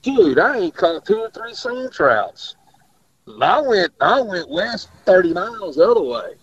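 A man's voice: sits high, big pitch swings, a little slow, a bit bright, slightly rough, no echo. A man, a fishing guide rambling through stories in casual radio chat and laughing often. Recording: dull lo-fi radio audio.

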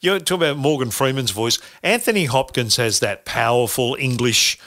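A man's voice: medium pitch, moderate pace, a bit bright. A middle-aged man hosting a casual podcast chat, rambling with lots of fillers and restarts. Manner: rambling with many fillers and restarts, laughs easily. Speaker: podcast host.

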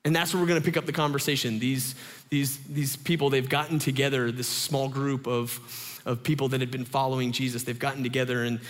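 Animated young dad preaching in a big hall. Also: male voice, mid-range voice, brisk. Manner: animated, conversational storytelling with lots of fillers. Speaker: pastor. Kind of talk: sermon.

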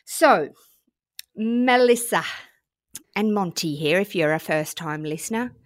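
An Australian woman in her thirties co-hosting a podcast, telling stories in a chatty, animated way with casual swearing. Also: medium pitch, measured pace, no room sound, studio quality. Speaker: podcast co-host. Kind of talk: casual chat.

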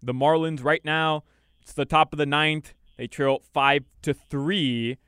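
Smooth-voiced male radio update reader. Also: fairly high pitch, fairly even intonation, unhurried, a bit bright, no room sound, studio quality. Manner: teasing, matter-of-fact reader. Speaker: sports radio co-host reading updates. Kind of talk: reading scores and weather between banter.

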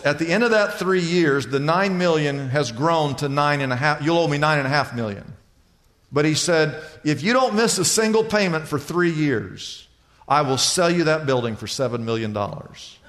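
A male pastor telling a story from the pulpit, his voice sitting a little high for a man. He acts out the people in his anecdotes with animated delivery. The sound rings out with a long reverb from a large hall. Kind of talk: sermon storytelling.

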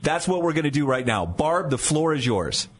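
A man hosting a radio morning show, steering a dispute between callers with a lively delivery in a studio. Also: fairly high pitch, moderate pace. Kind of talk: upbeat radio talk.

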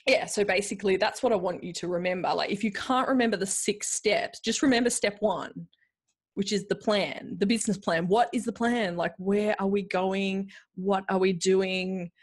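A woman's voice: mid-range voice, fairly even intonation, normal speed. Chatty woman podcast host. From Australia. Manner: chatty, rambling, many fillers and put-on quote voices. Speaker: podcast host, bookkeeping coach. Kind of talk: casual solo podcast talk.

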